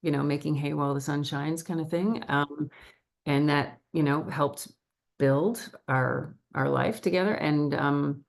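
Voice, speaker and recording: Middle-aged woman with a low, gravelly voice. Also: a little slow. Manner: chatty, animated storyteller with laughs. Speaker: actor, interview guest. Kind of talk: casual interview chat.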